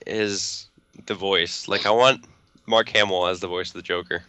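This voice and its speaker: A man's voice: low-pitched, fairly even intonation, moderate pace, bright, forceful tone, clean tone, dry recording. A man co-hosting a podcast in casual chat, joking and teasing. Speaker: podcast co-host.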